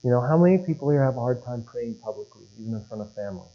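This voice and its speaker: Male pastor telling folksy stories in a sermon, smooth clear voice, muffled lo-fi recording with a hum. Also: mid-range voice, expressive, racing. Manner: folksy storytelling, talks to the congregation. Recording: dull lo-fi recording with mains hum.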